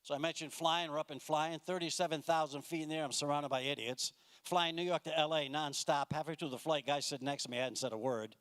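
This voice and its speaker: A man's voice: fairly high pitch, steady tone, quick pace, few pauses, fairly bright tone, clean tone. Exasperated stand-up comedian, man. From United States. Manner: exasperated, mocking, acts out voices of people in his jokes. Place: comedy club stage with a live audience.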